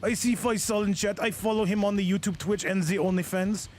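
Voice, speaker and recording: A man doing a jokey put-on Russian accent as a blunt, boastful tough guy, speaking in slow, clipped broken English. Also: sits high, fairly even intonation, a little mellow, a little hiss or hum, close to an everyday voice.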